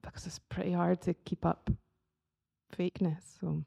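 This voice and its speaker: A woman artist talking as a guest in a casual chat about faith and creativity, with a soft, gravelly voice. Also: on the low side, level tone, normal speed.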